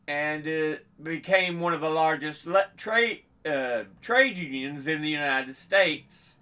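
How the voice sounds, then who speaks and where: A man hosting an informational video, reading dates and figures in a steady, measured way and sometimes restarting a phrase. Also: fairly high pitch. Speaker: host. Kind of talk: unscripted informational presentation.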